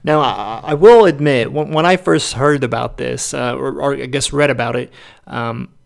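Gravelly man with halting commentary. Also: medium pitch. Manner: halting, many ums and restarts; opinionated, dismissive. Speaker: podcast co-host. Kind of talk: casual political commentary.

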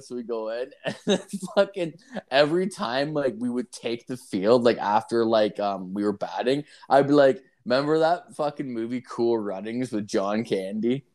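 A man's voice: mid-range voice, animated, normal speed, a little mellow. A man co-hosting a podcast, talking in a crude, rambling way full of swearing and "like". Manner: profane, rambling, heavy "like" filler. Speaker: podcast co-host. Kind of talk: crude casual chat.

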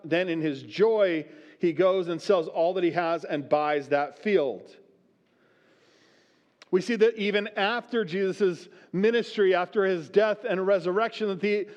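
Male pastor, high voice, conversational sermon, reads scripture then explains, dull lo-fi recording. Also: darkish tone. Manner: conversational, often asks the room "right?".

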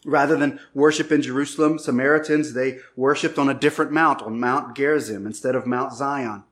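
A male pastor preaching a sermon, telling a personal story with lively, acted-out dialogue before turning to scripture. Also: mid-range voice, a little fast. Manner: animated storytelling, acts out shouted lines.

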